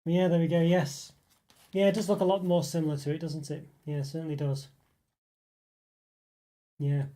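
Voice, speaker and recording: A man hosting a casual live stream, chatting with viewers and reading their comments aloud. His voice sits a little high but sounds dark and mellow. He muses aloud and fills pauses with easy fillers. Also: flat delivery. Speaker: livestream host reading chat.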